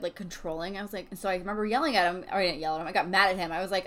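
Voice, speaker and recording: A woman co-hosting a podcast, telling a personal story in casual chat, animated and swearing freely. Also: mid-range voice, rapid-fire, hardly any pauses. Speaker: podcast co-host.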